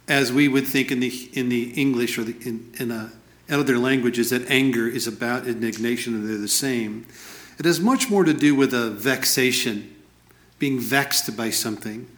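A man preaches in an earnest, explaining way and reads scripture aloud. His voice sits at an ordinary middle pitch. The room around him rings with a noticeable echo. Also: fairly bright tone. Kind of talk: sermon.

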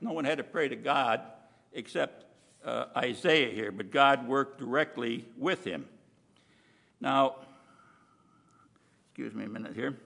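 A man preaching a sermon in a chatty, emphatic way, full of asides and slowed-down stressed words. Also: medium pitch, expressive, creaky, fairly bright tone. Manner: conversational preaching with frequent asides. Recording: long hall reverb.

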